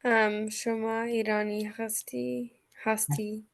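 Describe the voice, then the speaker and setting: A woman's voice: fairly high pitch, level tone, a little fast, gravelly. A woman student answering her tutor tentatively in short replies during an online lesson. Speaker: language student.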